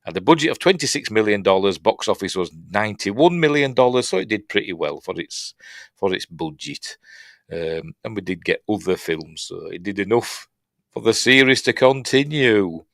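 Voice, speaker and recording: Yorkshire bloke rambling through a film review at his computer, lowish voice, dead dry sound. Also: lively intonation, moderate pace, a bit bright, dry recording. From Yorkshire, England. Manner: chatty, self-mocking, many fillers and restarts. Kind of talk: casual rambling film breakdown.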